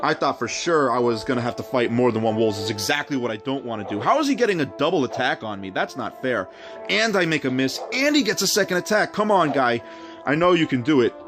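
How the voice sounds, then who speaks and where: Guy talking through a video game, chatty, reads the text out loud, regular pitch. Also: sing-song, quick pace, over music. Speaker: game streamer. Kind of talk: let's play commentary.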